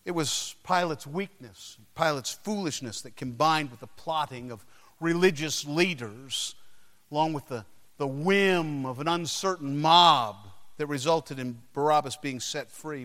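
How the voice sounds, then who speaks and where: A man preaching a sermon, telling the story dramatically, swinging between loud cries and hushed passages. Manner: dramatic storytelling with sudden shouted crowd cries and hushed lows. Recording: long reverb of a large hall.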